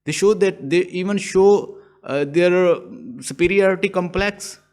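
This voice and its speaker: A man's voice: sits high, measured pace, a little mellow. A man teaching a lesson, explaining step by step and often restarting his phrases. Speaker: English teacher. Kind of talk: online lecture.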